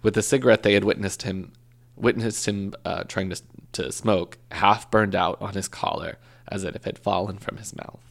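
A man's voice: lowish voice, fairly even intonation, normal speed, gravelly. A man co-hosting a casual podcast, telling a true crime story with jokes, swearing and self-corrections. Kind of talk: casual chat.

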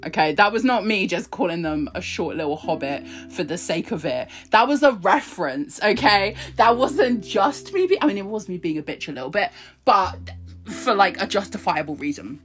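A woman's voice: mid-range voice, lively intonation, moderate pace, soft background music. A young woman reading her own breakup poetry and ranting about it in a profane, self-mocking confessional chat. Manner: profane, ranting, laughing at herself. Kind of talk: confessional casual monologue.

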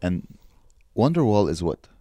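A man co-hosting a podcast in casual chat, telling stories in an animated, joking way. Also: fairly low pitch, measured pace, no echo, clean studio sound. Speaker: podcast co-host.

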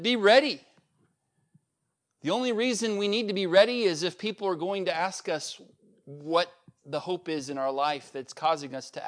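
A middle-aged man preaching with earnest conviction, his voice sitting a little high for a man. He moves between raised, emphatic passages and quiet, conversational asides. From United States. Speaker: pastor. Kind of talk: sermon.

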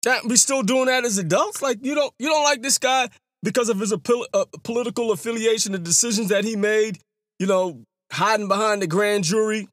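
A man from New York talking casually in a long monologue. He rambles, restarts his sentences often and throws out rhetorical questions in a sing-song, animated way. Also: high voice, brisk, no echo, clean studio sound. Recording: hip hop music playing behind.

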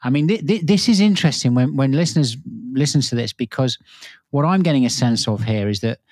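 A man's voice: medium pitch, animated, brisk, darkish tone, no echo. Man asking rambling interview questions, dry sound. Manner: rambling, searching questions with restarts. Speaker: podcast host.

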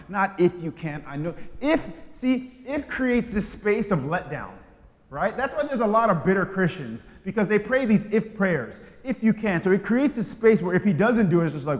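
A male pastor preaching a sermon, swinging from hushed, intimate passages to loud, fervent ones. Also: sits high, big pitch swings, normal speed. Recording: long hall reverb.

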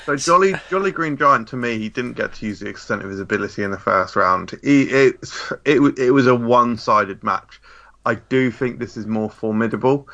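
A man co-hosting a podcast, making deadpan, mock-serious jokes in casual banter. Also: medium pitch, fairly quick, gravelly. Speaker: podcast co-host. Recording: dull lo-fi mic.

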